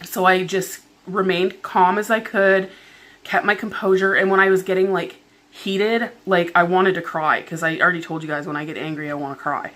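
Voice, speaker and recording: Her voice sits on the low side with little pitch movement, a bit of brightness, and a normal speed. She is a woman vlogger at home, chattily venting through a story and filling it with "like."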